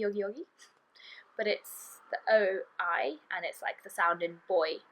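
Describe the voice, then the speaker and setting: Slow, careful woman teaching pronunciation. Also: medium pitch, low-quality recording. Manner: slow, careful, repeats each sound for the learner. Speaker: Welsh language teacher. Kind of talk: online pronunciation lesson. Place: indoor room in a city, street traffic outside.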